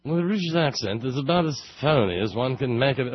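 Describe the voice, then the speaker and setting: A man's voice: mid-range voice, expressive, a little fast, few pauses, slightly rough, no echo, lo-fi sound. A man hosting a casual talk show, sarcastic and rambling with many fillers and restarts. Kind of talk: casual radio monologue.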